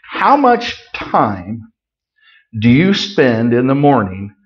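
A middle-aged man preaching a conversational sermon, folksy with joking asides, swinging from loud emphasis to quiet remarks. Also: medium pitch, wildly swooping pitch, slow pace, dull audio. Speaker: pastor.

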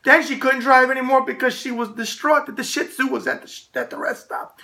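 A middle-aged man with a New York accent hosting a casual talk show, telling brash, animated stories. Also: very high-pitched, a little fast, vocal fry. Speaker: host.

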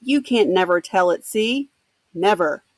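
A woman's voice: mid-range voice, lively intonation, a little slow, no echo, natural voice. A woman reading aloud as a drunken old man giving solemn warnings of doom. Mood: insistent.

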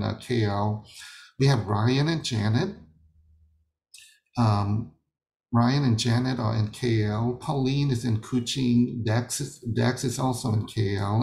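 Teaching a session as a ministry leader, a man preaches over a video call at medium pitch with vocal fry and a darkish tone, in reverberant sound. His delivery is emphatic, built around rhetorical questions he answers himself.

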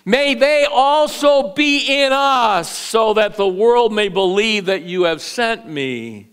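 In a church sanctuary, a middle-aged pastor preaches at a slow pace, animated and clear with a resonant tone. He swings between loud, raised bursts and quiet, low asides, repeating words as he builds his point.

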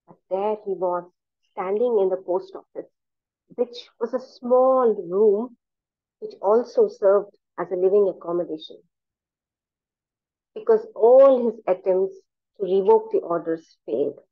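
A woman telling a story aloud in a measured, expressive way with dramatic pauses, over a video call. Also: mid-range voice, no echo, phone-quality sound. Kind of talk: oral storytelling narration.

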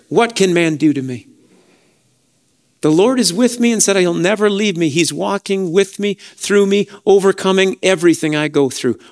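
A man preaching with a notably high voice. He moves from soft, hushed phrases to ringing calls to rejoice. He often breaks in with praise. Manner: impassioned preaching, swinging between soft hushed lines and raised exhortations; fervent, with repeated "praise God" and "hallelujah". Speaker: pastor. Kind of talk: sermon.

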